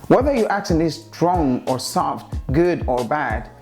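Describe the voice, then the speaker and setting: A man's voice: fairly high pitch, big pitch swings, measured pace, darkish tone, faint music behind. A man hosting an educational video, narrating a scripted explanation and asking rhetorical questions. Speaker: host.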